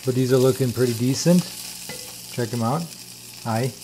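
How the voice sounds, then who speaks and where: A man's voice: mid-range voice, moderate pace, noisy background. A man with a German accent, chatting casually while tasting and cooking wild plants in his home kitchen. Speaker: homestead vlogger.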